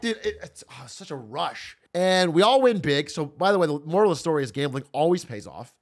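A young man streaming, telling a casual story to his chat in a profane, animated way with frequent laughter. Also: high-pitched.

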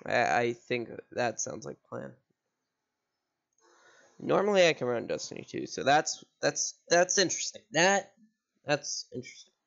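A man's voice: medium pitch, very animated, measured pace, creaky, pauses often, fairly bright tone, highs cut off. A man streaming games at home, rambling and repeating words as he thinks aloud over faint music. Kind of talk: casual gameplay commentary.

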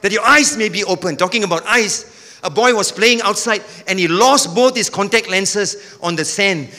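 A man preaching a sermon with energy, now and then rising to a shout. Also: sits high, animated, normal speed, long reverb tail. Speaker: pastor.

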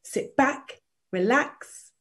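A woman with a high-sitting voice reads a children's story aloud, stretching out her words. She's expressive, dropping to whispers and inviting listeners to join in.

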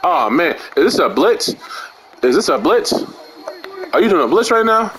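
High-pitched animated man trash-talking in a game. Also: normal speed, poor audio. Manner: mocking, profane, repetitive taunting. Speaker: online gamer. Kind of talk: trash-talking over voice chat while playing. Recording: video game stadium crowd noise behind voice. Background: game crowd sounds.

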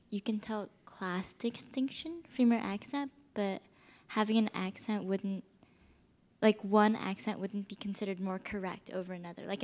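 A woman of middle pitch, an audience member joining a discussion. She makes her point tentatively, with many "like"s and trailing, softening remarks.

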